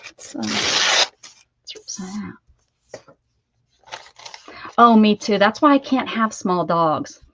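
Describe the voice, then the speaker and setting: A chatty American woman hosting a home crafting stream, trading affectionate baby-talk with her pets between comments on her work. Her voice is mid-pitched and comes through slightly dull, lo-fi stream audio. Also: animated, takes it slowly, long pauses, a little hiss or hum. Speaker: craft livestream host. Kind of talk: casual chat while crafting.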